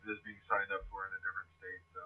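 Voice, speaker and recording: A male customer support agent, heard over a tinny phone line, speaks in a fairly low voice. He stays polite throughout and addresses the caller as sir. The line sounds thin and narrow. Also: monotone, racing.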